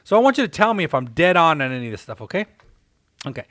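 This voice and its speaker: Animated male podcast host with a fairly high voice. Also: rapid-fire, dry recording. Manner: animated, storytelling. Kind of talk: casual podcast storytelling.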